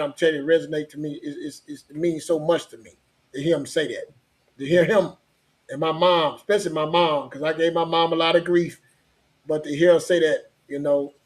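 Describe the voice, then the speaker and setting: A man telling a family story in a loose, rambling way, circling back on his words and laughing as he goes. His voice sits somewhat high for a man. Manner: rambling, repeats himself, laughs often. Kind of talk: storytelling in casual chat.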